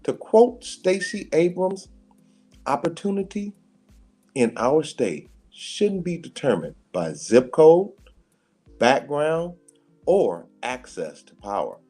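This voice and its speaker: A man hosts a live radio talk show with a very animated, sweeping delivery. He takes his time and leans hard on key words. Faint music sits under his voice. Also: a little high, takes it slowly, slightly rough. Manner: animated, laughs often, emphatic. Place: radio studio.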